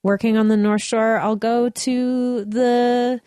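A woman's voice: a little high, flat delivery, takes it slowly, warm tone, smooth, no room sound, studio quality. A woman co-hosting a podcast, telling a long story in casual chat and laughing often.

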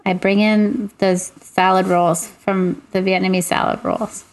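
A woman co-hosting a podcast in casual chat, joking in a deadpan, drawn-out way. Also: medium pitch. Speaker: podcast co-host.

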